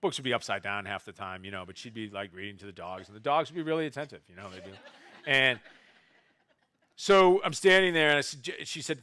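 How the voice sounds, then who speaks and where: A man telling family anecdotes to a festival audience, quoting relatives in quick asides. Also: lowish voice, expressive, sharp tone, no room sound. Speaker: novelist speaking at a festival. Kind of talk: storytelling talk to an audience. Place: festival stage before a live audience.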